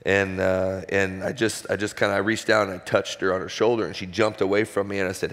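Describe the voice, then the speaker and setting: Male, 40s, guest speaker, casual and animated storyteller, slightly low voice, big reverberant church room. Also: fairly quick. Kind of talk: personal testimony talk. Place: large church auditorium. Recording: long hall reverb.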